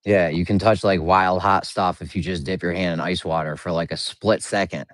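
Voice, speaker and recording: Very low-pitched man, joking banter on a voice call, dry sound. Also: fairly even intonation, normal speed, no echo. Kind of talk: casual chat on a voice call.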